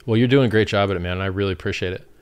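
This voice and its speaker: A man with a somewhat low voice hosts a livestream. He talks in an animated, blunt, casual way and swears freely, close to a desktop streaming mic. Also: very fast, clean tone. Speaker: livestream host.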